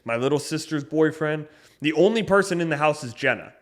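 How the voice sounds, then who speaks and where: A young man co-hosting a podcast, rambling through a story with lots of swearing and getting loud when riled up. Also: on the high side, animated, brisk. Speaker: podcast co-host. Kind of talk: casual chat.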